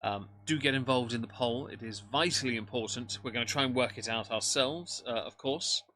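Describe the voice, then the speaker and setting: A man's voice: medium pitch, a little fast, bright, forceful tone. A man giving live reaction commentary on a stream, making dry, mocking remarks while greeting his chat. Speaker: livestream commentator.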